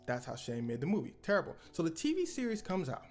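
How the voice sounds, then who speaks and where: A woman's voice: sits low, wildly swooping pitch, fast talker, a little mellow, soft background music. A woman co-hosting a casual reaction show, telling a story with animation and acting out the quoted lines. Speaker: co-host.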